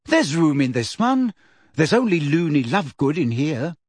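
A man voicing a bold, friendly teenage schoolgirl who speaks briskly and brightly. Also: on the high side, sing-song, breathy edge, dry recording.

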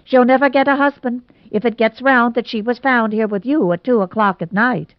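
A woman's voice: a little high, unhurried, no echo, natural voice. A woman voicing a blunt, belligerent older aunt in a storybook reading. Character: blunt meddling old aunt. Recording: dull lo-fi recording.

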